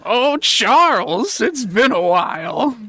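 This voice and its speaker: A shrill old swamp witch, fussy and creaky, as a man puts her on. Her voice leaps far above a normal man's range and wobbles up and down. The delivery is slow and drawn out. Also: big pitch swings, pushed and bright, dry recording, full character voice. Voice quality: high strained old-lady voice.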